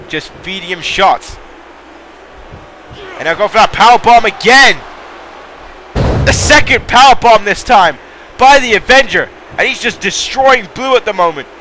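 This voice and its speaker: A man giving excitable, mildly profane play-by-play commentary on a wrestling video game. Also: high voice, slight background noise.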